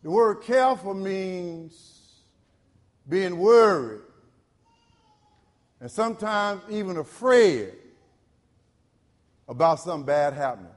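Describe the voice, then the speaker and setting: A male pastor, preaching a sermon in call-and-response style. He repeats phrases and swings from loud to low. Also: animated, takes it slowly, pauses often, in a large hall.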